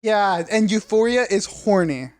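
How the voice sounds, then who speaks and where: A man's voice: high voice, expressive, unhurried, darkish tone. A young man co-hosting a podcast, talking animatedly in casual chat, swearing and mimicking people. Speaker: podcast co-host.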